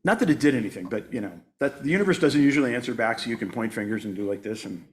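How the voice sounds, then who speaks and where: A man in his sixties from the United States gives a conversational sermon as a guest speaker in a church sanctuary. Speaking in a mid-range voice with lively intonation at a racing pace, he jokes at his own expense and laughs often.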